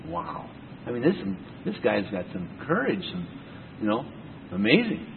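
A man preaching a verse-by-verse Bible sermon, breaking in with rhetorical questions and lively asides. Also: medium pitch, normal speed, gravelly, slight background noise. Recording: tinny phone-like sound in a reverberant hall.

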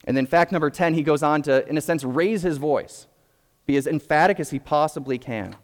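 A young adult man preaching a sermon as a pastor, explaining in a measured way with frequent restarts. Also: on the high side. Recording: long reverb of a hall.

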